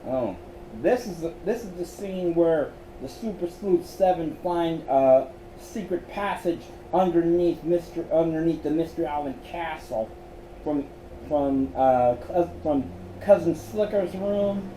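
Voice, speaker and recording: A man reading aloud from his own story, slowly, with stumbles and restarts. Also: a little high, mellow. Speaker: author and reader. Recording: roomy echo, faint background hum.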